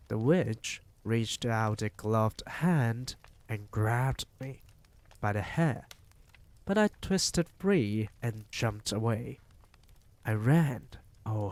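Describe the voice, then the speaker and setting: A man reading a novel aloud on a live stream, telling it in an unhurried, measured way. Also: medium pitch, dry recording.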